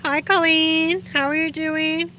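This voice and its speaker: A woman with a high-pitched, flat voice takes her time as she chats on a casual livestream from a sunny outdoor spot. She reads viewers' comments off her phone, greets them warmly, and laughs frequently. Slight background noise is audible.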